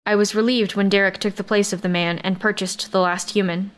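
A woman narrating a science-fiction romance in first person, with a steady, even storytelling read. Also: mid-range voice, a little fast, clean tone. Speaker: audiobook narrator.

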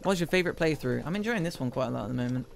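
A man's voice: on the high side, animated, racing, gravelly. A man streaming a game, bantering with his chat and mock-scolding them between plays. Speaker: gaming streamer. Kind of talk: gameplay commentary. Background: game music.

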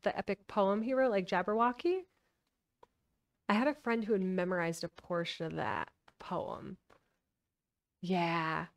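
A woman's voice: mid-range voice, distant mic. Chatty woman streamer, a bit off-mic. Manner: chatty, giggly, trailing off with fillers. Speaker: streamer reading aloud. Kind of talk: casual chat and book reading.

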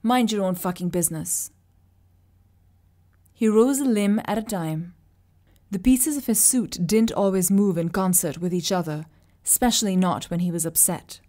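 A woman narrating a short story aloud in a steady, vivid reading. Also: medium pitch, moderate pace. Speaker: reader. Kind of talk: audiobook narration.

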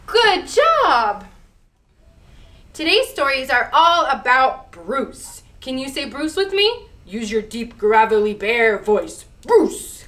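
A woman, a children's librarian, hosting a storytime with sing-song, encouraging, expressive reading. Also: high-pitched, unhurried, hardly any pauses.

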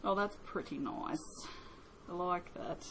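A woman's voice: lowish voice, takes it slowly, fairly bright tone, a little hiss or hum, low-quality recording. An Australian woman chatting casually as she makes soap at home, rambling and joking at her own expense. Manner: rambling, chatty, self-mocking. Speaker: soap maker. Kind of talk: casual vlog chat. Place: home workshop.

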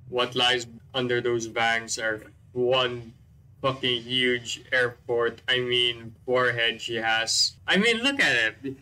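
Bright-voiced, profane gaming commentator man. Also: medium pitch, rough recording. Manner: excitable, swears constantly, jokes at characters on screen. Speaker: gameplay commentator. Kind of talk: let's-play commentary.

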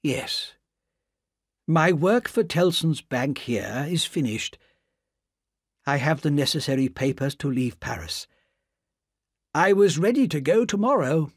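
A man's voice: a little high, expressive, measured pace, long pauses, husky, no room sound, clean studio sound, pitched above the performer's own voice, heavily acted. A man voicing a sad old male bank clerk who speaks anxiously and earnestly.

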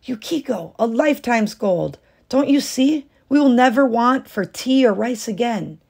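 A pushy, demanding sail maker husband from a storybook, as a woman reading aloud puts him on. He speaks raised and urgent in a pitched-up, gravelly voice that leans on every order. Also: very animated, normal speed, darkish tone, exaggerated voice. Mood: pleading.

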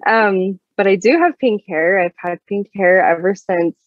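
A woman's voice: medium pitch, fairly even intonation, measured pace, no echo. A young woman, a guest singer-songwriter, telling a story in a casual interview with a chatty manner and many fillers. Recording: dull lo-fi dry sound.

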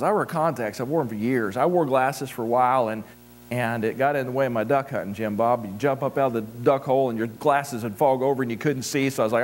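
A man's voice: medium pitch, fast, a little hiss or hum. A middle-aged man preaching a sermon as pastor, praying and then telling folksy personal stories, often repeating words as he restarts. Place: church sanctuary.

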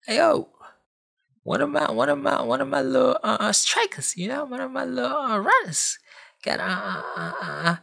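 A man's voice: very high-pitched, big pitch swings, creaky, sharp tone, pitched above the performer's own voice, exaggerated voice. A man voicing a boastful young male island hacker who talks in brash, streetwise slang. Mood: pleading. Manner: bragging, streetwise slang, rapid repeats.

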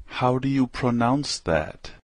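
A man reading common English phrases one by one for learners, slowly and with careful enunciation. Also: medium pitch, animated, no echo.

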